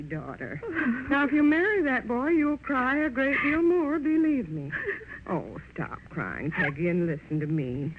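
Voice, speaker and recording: An actress in 1930s radio drama playing a stern, disapproving middle-aged mother with an insistent, scolding manner. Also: mid-range voice. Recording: tinny noisy 1930s radio broadcast.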